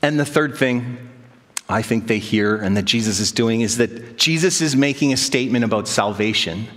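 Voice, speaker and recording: A man in his thirties, a pastor, preaching a sermon with self-deprecating stories and animated quoted voices. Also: mid-range voice, normal speed. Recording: long hall reverb.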